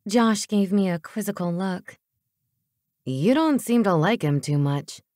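A woman narrating an audiobook in the first person, with an expressive scripted reading on a close studio mic. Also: mid-range voice, dry recording.

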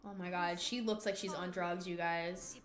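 A woman hosting a gaming channel, giving excitable, dramatic play-by-play commentary with frequent swearing. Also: on the low side, moderate pace, roomy sound. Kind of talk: casual gameplay commentary.

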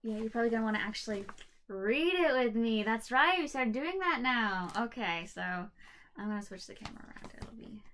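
A woman's voice: a little high, expressive, normal speed, a bit bright, a little hiss or hum. A woman hosting a casual home video from her bedroom, chatting in a rambling, apologetic way before reading a novel aloud. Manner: rambling, apologetic, self-deprecating. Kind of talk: casual chat and book reading. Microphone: computer camera mic.

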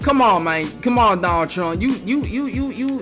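A young man trash-talks his way through a game, his high, lively voice jumping from yelled taunts to quick muttered asides. The tone is bright and edgy, and faint music plays underneath. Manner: loud, taunting, quick swings between shouts and mutters. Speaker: gaming streamer. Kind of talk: trash-talking gameplay commentary.

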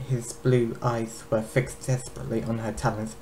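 Amateur narrator, fantasy novel reading, middle pitch, faint background hiss. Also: flat delivery, normal speed, hardly any pauses, darkish tone, poor audio.

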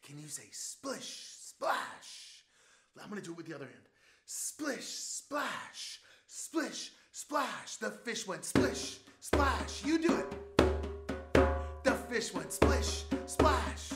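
A man's voice: sits high, very animated, takes it slowly. A man teaching a music class for small children, playful and leading call-and-response. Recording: roomy sound with loud music. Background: drumming and music.

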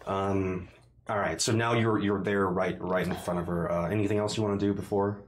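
Halting, low-voiced male dungeon master. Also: fairly even intonation, slight background noise. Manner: halting, descriptive narration full of pauses. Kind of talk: narrating a tabletop game. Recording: roomy echoey room.

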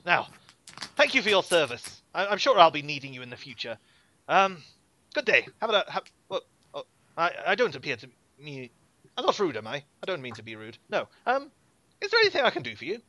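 A man's voice: a little high, wildly swooping pitch, fairly quick, sharp tone, no room sound, pitched above the performer's own voice, heavily acted. A man voicing an eager young nobleman of about twenty who fumbles over-politely. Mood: flustered.

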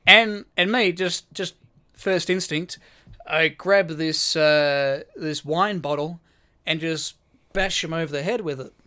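A man's voice: fairly high pitch, takes it slowly, bright, forceful tone, clean tone. A young man co-hosting a podcast, telling a story in casual chat, swearing freely and acting out the quotes. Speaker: podcast co-host.

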